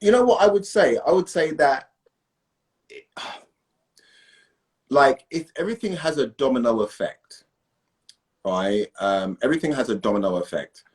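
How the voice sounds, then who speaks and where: Male guest, animated and emphatic, mid-pitched. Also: measured pace, long pauses. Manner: animated, emphatic, asks "right?" often. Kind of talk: casual conversation.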